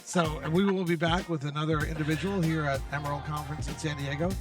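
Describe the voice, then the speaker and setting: A man's voice: fairly high pitch, fairly even intonation, quick pace, recorded from a distance, music in the background. A man hosting a casual conference interview, enthusiastic and full of restarts. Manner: enthusiastic, talks over guest, many restarts. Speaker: interview host. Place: conference venue.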